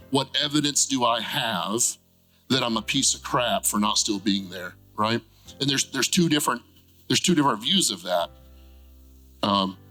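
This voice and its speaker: A man talking through ideas in a relaxed conversational way, often checking in with "right?". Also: on the low side, poor audio. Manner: animated, frequent "right?" tag questions. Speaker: therapist guest. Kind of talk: conversational explanation.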